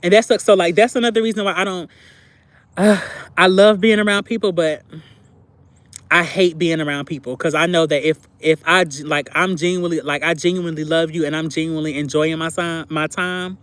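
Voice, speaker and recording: A woman's voice: on the low side, steady tone, fairly quick. A woman hosting a livestream, talking candidly in a casual, confessional way to her viewers, with lots of filler words. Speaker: livestream host. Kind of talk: casual live chat reacting to viewers.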